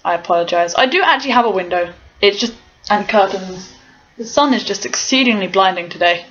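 A woman's voice: mid-range voice, brisk, a bit bright. A young woman from England, rambling in a hyper, self-mocking way as she chats to camera at home. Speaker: vlogger. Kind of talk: casual chat to camera. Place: home room. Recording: dull lo-fi home video with faint noise.

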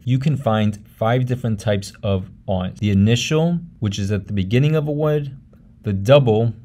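Low, mellow-voiced man teaching pronunciation. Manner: measured, repeats each example word slowly. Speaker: language teacher. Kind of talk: explanatory lesson narration.

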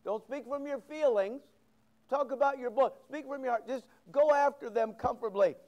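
A man's voice: extremely high pitch, moderate pace, a little mellow, muffled recording. A middle-aged man pastor preaching a sermon, quoting scripture with big swings of emphasis.

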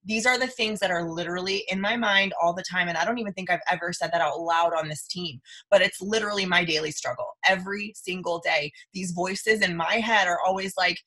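Bright-voiced woman leading a motivational livestream. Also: medium pitch, steady tone, fast, hardly any pauses. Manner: emphatic, repeats phrases, says "you guys" often. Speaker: team leader. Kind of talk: motivational live stream.

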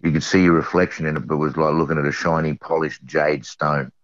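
Speaking quickly and in a steady tone, a middle-aged Australian eyewitness with a very deep voice tells an earnest personal story, returning again and again to his main phrases. The dry, dull audio sounds like a lo-fi recording.

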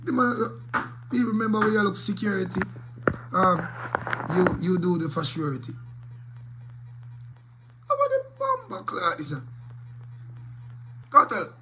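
A man's voice: high voice, very animated, moderate pace, pauses often, background noise. A man with a Jamaican accent, a DJ giving rambling commentary to his viewers in patois peppered with curses. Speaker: DJ and vlogger. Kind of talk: casual commentary to camera.

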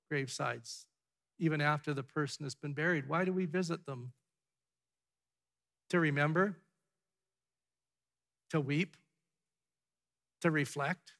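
A pastor preaching a sermon to his congregation, asking rhetorical questions and dropping to a hush before building back up. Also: a little high. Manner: dramatic, drops to a hushed tone for emphasis, then builds up. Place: church sanctuary.

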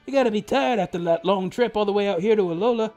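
A man's voice: sits high, fast, a little mellow, soft background music, voice pushed up, lightly acted. A man voicing an upbeat, laid-back male professor with a hearty, friendly tone as he reads a video game's dialogue aloud.

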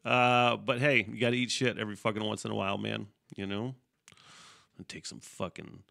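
Gravelly-voiced man, profane rambling podcast host. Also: fairly low pitch, bright, forceful tone. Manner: profane, rambling, laughs often. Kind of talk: casual solo podcast monologue.

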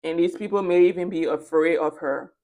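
A woman's voice: on the low side, fairly even intonation, fairly quick, warm tone. A woman giving a spoken tarot reading, casual and chatty, repeating phrases for emphasis. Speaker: tarot reader.

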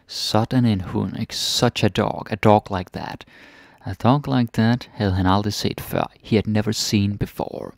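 A man's voice: lowish voice, steady tone, measured pace, vocal fry, dry recording, studio quality. A man teaching a language by reading a fairytale aloud and translating it word by word, often adding little questioning tags.

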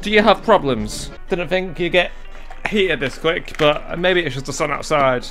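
A young man commentating a video game, excitable and jokey, yelling and swearing at it and talking himself down between fits. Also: a little high, a little slow, faint music behind. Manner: talks to himself, jokey asides. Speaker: gaming YouTuber. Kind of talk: let's play commentary.

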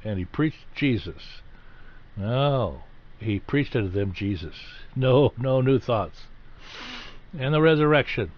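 A man's voice: fairly low pitch, lively intonation, takes it slowly. A man preaching a sermon, teaching in a conversational way and rising to stress key points. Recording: slightly dull, lo-fi recording.

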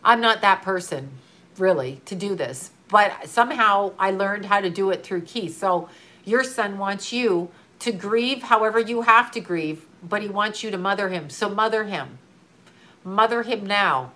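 Bright-voiced woman, earnest and urgent. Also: medium pitch, a little slow. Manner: earnest, urgent, repetitive coaching with occasional swearing. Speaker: grieving mother giving advice to another mother. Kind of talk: emotional casual talk to a viewer.

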